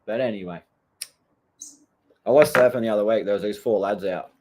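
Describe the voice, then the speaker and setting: A man's voice: on the low side, fairly quick, mellow, a little hiss or hum. An Australian man who surfs, telling stories in a casual, blunt rant full of swearing. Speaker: surfer vlogger. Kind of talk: casual ranting storytelling.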